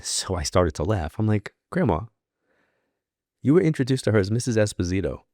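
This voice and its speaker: On a podcast, a guest who works as a psychic medium tells a story casually and briskly in a low, deep voice, performing the lines of the people he quotes. He's a New Yorker with a relaxed, chatty way of talking, and the audio is close and dry with no room echo.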